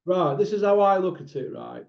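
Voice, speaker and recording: A man's voice: high-pitched, expressive, normal speed, highs cut off. A man with a South Yorkshire accent hosting a casual podcast chat, blunt and opinionated as he quizzes his guest. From South Yorkshire, England. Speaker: podcast host.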